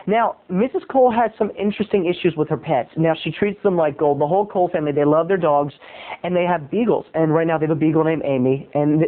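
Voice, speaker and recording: A man with a fairly high voice tells a digressive comic story in a chatty, animated way. The sound is thin and phone-like. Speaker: podcast host. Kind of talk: rambling comic monologue. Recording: tinny phone-like audio.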